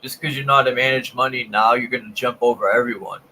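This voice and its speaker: A man's voice: mid-range voice, steady tone, fast talker, sharp tone, a little hiss or hum, poor audio. A man in casual chat, bluntly recounting his work experience with plenty of swearing. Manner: blunt and profane, tells work stories.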